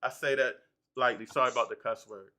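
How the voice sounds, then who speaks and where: A man's voice: mid-range voice, fairly even intonation, fairly quick, sharp tone. A man hosting a live panel discussion, talking in an emotional, emphatic way and often repeating himself. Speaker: livestream host.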